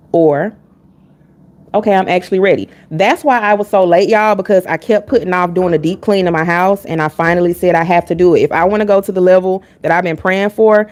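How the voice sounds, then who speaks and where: A woman's voice: lowish voice, a little mellow. Blunt, chatty woman tarot reader. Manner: candid and blunt, chatting with chat between readings. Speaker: tarot reader hosting a live stream. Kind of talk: casual live-stream chat with viewers.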